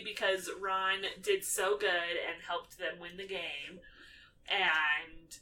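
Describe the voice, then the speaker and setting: Podcast co-host, female, casual recap chat, bright tone, slightly off-mic with faint hiss. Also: lowish voice, moderate pace, far from the mic, rough recording. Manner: animated, acts out quotes in character voices.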